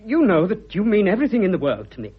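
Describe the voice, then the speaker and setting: An actor as a bluff, fervent young suitor. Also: male voice, sits high, huge pitch swings, quick pace, slightly rough, exaggerated voice. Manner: bluff, fervent, stammering when moved. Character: eager young male suitor, blunt and boyish. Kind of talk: vintage radio drama acting. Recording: dull lo-fi old radio recording.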